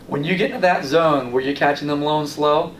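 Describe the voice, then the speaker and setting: A man hosting a fishing show, giving casual tips and telling lively stories in which he acts out his own reactions. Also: fairly high pitch, a little fast. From Long Island, New York. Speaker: fishing guide and show host. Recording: roomy, distant mic with light background noise.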